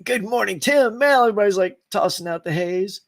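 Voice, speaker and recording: A man with a high voice hosts a casual live stream. He laughs a lot, reads viewers' comments aloud and greets each viewer by name in a friendly, upbeat way. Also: lively intonation, fairly quick. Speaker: host of a live stream show.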